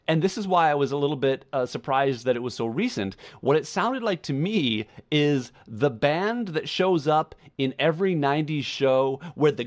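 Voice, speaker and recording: Thoughtful male podcast co-host. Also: mid-range voice. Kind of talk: casual chat.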